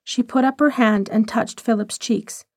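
A woman narrating a short story in a measured, expressive reading. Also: on the high side, dry recording, studio quality.

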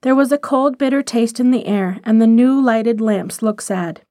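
Woman storyteller reading literary fiction; measured and expressive, fairly high voice, dry close sound. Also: no room sound. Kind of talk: scripted narration of a short story.

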